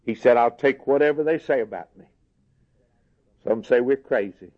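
Preacher guy, earnest sermon, goes hushed then loud, muffled old-tape sound. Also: medium pitch, normal speed. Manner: earnest, swings from soft and hushed to raised emphasis. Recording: dull lo-fi sermon recording.

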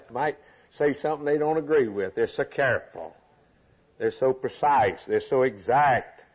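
Male preacher, slightly husky, emphatic repetitive sermon delivery. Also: medium pitch, measured pace, rough recording.

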